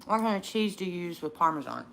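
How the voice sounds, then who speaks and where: A woman's voice: lowish voice, expressive, fast, gravelly, fairly bright tone. A young woman hosting a casual eating livestream, outspoken and profane, ranting and reading viewer comments aloud. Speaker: livestream host.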